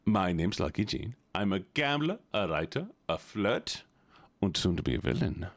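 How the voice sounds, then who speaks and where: A man voicing a sly Southern gambler and flirt who calls himself a future villain, in a low, hushed drawl. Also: sing-song, moderate pace, dry recording.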